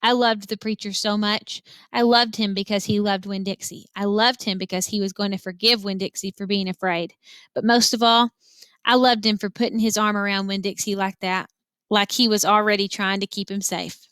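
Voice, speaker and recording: A woman reading a children's novel aloud with lively, expressive storytelling. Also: medium pitch, moderate pace, smooth, no echo. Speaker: reader.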